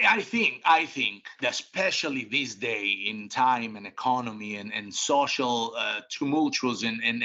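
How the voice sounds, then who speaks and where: A man's voice: mid-range voice, pushed and bright. A middle-aged man, a restaurant company boss, answering interview questions bluntly at home, with emphatic restarts and some casual swearing. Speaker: restaurant group CEO, interview guest. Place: home office. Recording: dull lo-fi sound.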